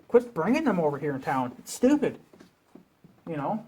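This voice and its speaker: A man's voice: fairly high pitch, very animated, moderate pace, darkish tone, slightly rough. A man venting in a rambling, profane rant as a vlogger, talking casually to his viewers.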